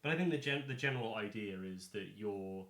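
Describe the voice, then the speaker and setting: A man's voice: lowish voice, animated, brisk, fairly bright tone. A man acting as dungeon master in a casual, rambling chat while preparing a tabletop game. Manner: rambling, self-correcting, chatty. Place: home. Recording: echoey room.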